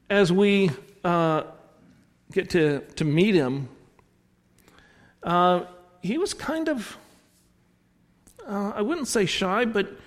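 A man with a Southern American accent preaching a sermon, telling stories and correcting himself as he goes. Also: sits high. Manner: rambling storyteller, self-correcting with restarts. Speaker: pastor. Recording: long hall reverb.

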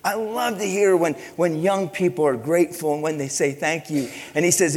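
A middle-aged man preaching a sermon as pastor, telling stories in an animated way with many restarts and repeated words. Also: high voice, moderate pace. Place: church sanctuary. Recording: long reverb of a church hall.

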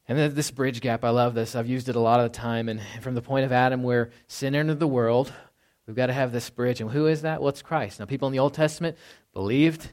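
Man, pastor, conversational sermon, casual, chuckling, tag questions, mid-pitched voice. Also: steady tone, brisk, few pauses. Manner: casual, often adds "right?" and chuckles; drops to a hushed voice when quoting.

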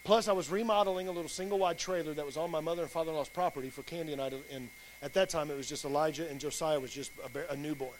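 A man's voice: a little high, steady tone, rapid-fire, slight background noise. A pastor, plain-spoken and folksy, giving a sermon with his personal testimony.

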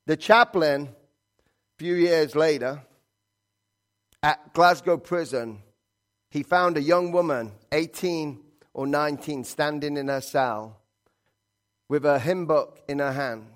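A man preaching a sermon in an earnest, halting way, reading scripture and hymn lines aloud. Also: on the high side. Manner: earnest, halting, with restarts and quoted prayers.

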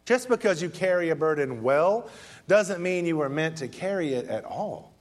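A man preaching a sermon as a guest preacher, animated, and acting out quoted voices in a mocking tone. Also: a little high, normal speed.

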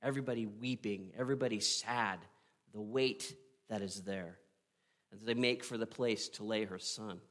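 A man preaching a sermon, retelling a story with earnest drama, pausing and asking "right?". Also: lowish voice, fairly even intonation, fairly bright tone. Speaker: pastor.

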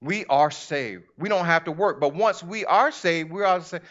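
A man preaching a sermon in church, animated and conversational, acting out little asides. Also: fairly high pitch, moderate pace, hardly any pauses, muffled recording.

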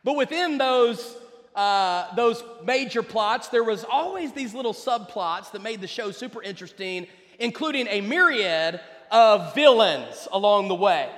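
High-voiced man preaching in a reverberant hall. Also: animated, unhurried, fairly bright tone. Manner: conversational, addresses the congregation directly. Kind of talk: sermon.

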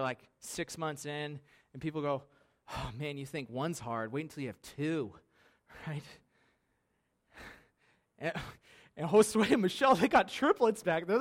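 A man in his thirties preaching a conversational sermon in a church, lively and laughing, often asking the congregation "right?". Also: fairly high pitch. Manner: conversational, animated, laughing, many tag questions. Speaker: pastor. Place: church sanctuary.

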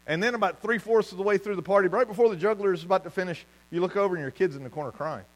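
A man preaching a sermon as pastor, telling stories with lively asides and laughing at his own jokes. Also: high voice, racing, low-quality recording.

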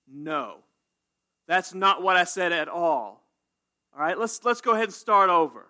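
Preacher guy, bright kinda high voice, keeps checking in with the crowd. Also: moderate pace. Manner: animated, call-and-response, says "right?" often. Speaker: pastor. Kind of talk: sermon.

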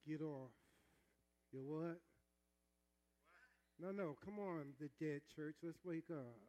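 A man preaching a sermon, calling on the congregation to repeat after him, moving between chatty asides and shouted peaks. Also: a little high, slow, poor audio. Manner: call-and-response preaching, calls on the congregation to repeat; swings between conversational asides and shouted climaxes. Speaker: pastor.

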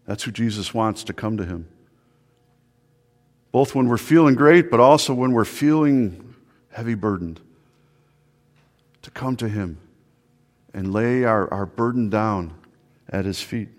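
A man's voice: lowish voice, lively intonation, measured pace, long pauses. A male pastor preaching an earnest sermon, often repeating words and asking the listeners questions. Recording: long hall reverb.

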